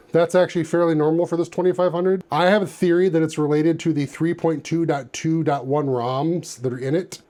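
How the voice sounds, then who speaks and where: A man's voice: fairly high pitch, dark tone. A man hosting a casual hands-on vlog in his home office, chatting and rambling with self-deprecating asides while he works on a computer. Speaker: retro computer channel host.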